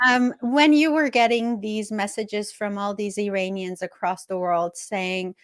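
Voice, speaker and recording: A woman's voice: mid-range voice, fairly even intonation, a little slow. A woman from Iran hosting an interview, speaking in a mid-range voice. She asks her questions earnestly and from the heart. Her recording sounds dry, with no room echo. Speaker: host. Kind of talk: conversational interview.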